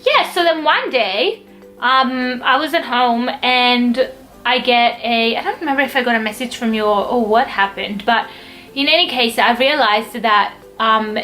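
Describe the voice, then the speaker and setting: Woman, vlogger, casual storytelling, chatty, bright voice, faint background music. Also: fairly high pitch, rough recording. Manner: chatty, lots of fillers and acted-out quotes.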